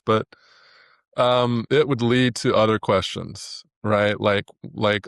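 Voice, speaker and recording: A man's voice: lowish voice, fairly even intonation, a little slow, clear, resonant tone, dry recording, studio quality. A man speaking as an interview guest, telling his story earnestly with many restarts and repeated words. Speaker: guest, animator. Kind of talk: reflective interview talk.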